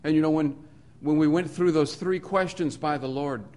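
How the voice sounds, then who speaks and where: A man preaching a sermon in an earnest voice, building his points through repetition and moving between soft, low passages and emphatic ones. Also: moderate pace.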